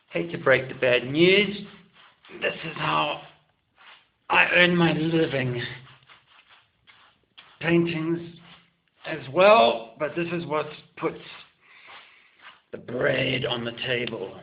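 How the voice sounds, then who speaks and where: A man from South Africa, an artist, talking to the camera in a theatrical, flamboyant way that swings between loud and soft. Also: mid-range voice, animated, unhurried, gravelly, long pauses. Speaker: artist and muralist. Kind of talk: casual camera monologue. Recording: echoey room, dull lo-fi sound.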